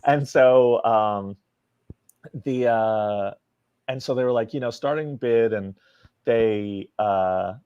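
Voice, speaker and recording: A man's voice: lowish voice, takes it slowly, a little mellow, smooth, dry recording. A man, a comic book writer guest in a podcast interview, telling a casual anecdote and acting out the quoted dialogue. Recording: dry, dull lo-fi sound.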